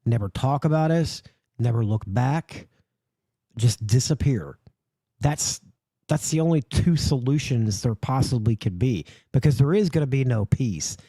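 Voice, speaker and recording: A man's voice: medium pitch, expressive, measured pace, mellow, no echo, studio quality. A man hosting a livestream, ranting in a profane, mocking and heated way. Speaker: livestream host.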